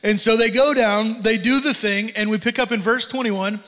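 A long reverb tail comes first as a man preaches a sermon from the stage of a church sanctuary. His high voice is bright and sharp, with fairly even intonation at a moderate pace. He tells the story like a casual, joking pastor and drops in slang.

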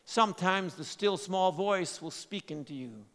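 A man preaching a sermon, swinging between loud emphatic lines and quiet, low asides. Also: unhurried. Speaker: pastor. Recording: long hall reverb.

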